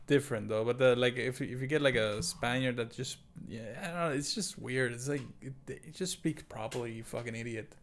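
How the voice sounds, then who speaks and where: A man's voice: medium pitch, brisk, hardly any pauses. A man guesting on a podcast, chatting casually with a dry, joking manner. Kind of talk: casual chat.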